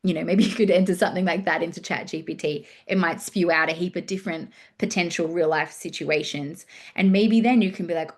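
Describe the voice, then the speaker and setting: Woman, podcast host, casual and chatty, swears freely, slightly low pitch. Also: brisk, hardly any pauses. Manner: chatty, loose, swears casually, acts out listeners' inner voices. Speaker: podcast host and relationship coach. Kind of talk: casual solo podcast talk.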